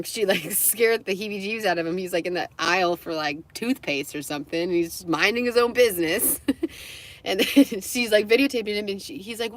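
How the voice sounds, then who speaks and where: A woman's voice: mid-range voice, fairly quick, no echo. A young adult woman telling stories casually on a live stream, laughing often and acting out the people in them. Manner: chatty, laughs often, acts out quoted voices.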